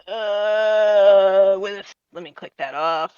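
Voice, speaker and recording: A woman's voice: mid-range voice, drawn-out words, darkish tone, smooth, highs cut off. A woman playing a tabletop game, talking bluntly and impatiently. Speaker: player.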